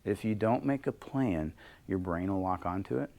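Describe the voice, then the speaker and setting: A middle-aged man with a fairly low voice coaches a small workshop group. His delivery is lively and conversational, and he slips into little acted-out exchanges to make his points. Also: normal speed. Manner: lively, acts out dialogue in different voices. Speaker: leadership coach. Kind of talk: workshop talk.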